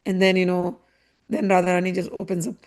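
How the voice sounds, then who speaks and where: A woman telling a devotional story in an animated, conversational way with frequent asides. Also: lowish voice, fast talker. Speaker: spiritual storyteller.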